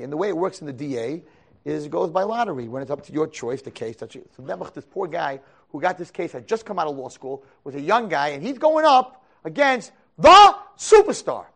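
Rabbi storyteller, male, fairly high voice, swings from hushed to booming, lively chatty lecture. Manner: animated storyteller, swings from hushed asides to loud dramatic peaks. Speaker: rabbi teaching a class.

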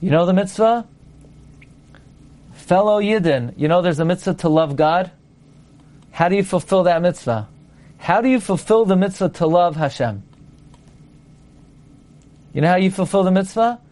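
A man's voice: high-pitched, animated, normal speed, pauses often, a little mellow. A man teaching a Torah lecture, emphatic, asking his listeners rhetorical questions and quoting Hebrew and Aramaic texts before translating them.

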